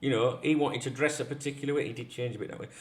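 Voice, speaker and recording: A man's voice: mid-range voice, fairly even intonation, rapid-fire. A man hosting a football channel, talking in a casual rant with frequent restarts and swearing.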